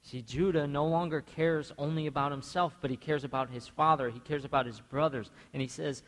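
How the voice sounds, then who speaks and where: A man's voice: fairly high pitch, fairly even intonation, brisk, hardly any pauses, a bit bright. A man preaching a sermon in a church, passionately acting out the people in the story he tells. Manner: impassioned, acts out biblical speakers. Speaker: pastor. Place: church sanctuary. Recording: church sanctuary with long reverb.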